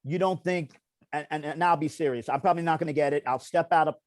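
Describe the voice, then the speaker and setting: A man co-hosting a comedy talk show, emphatic and quick to interrupt and talk over others. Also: fairly high pitch, fairly even intonation, no room sound. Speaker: comedian co-host.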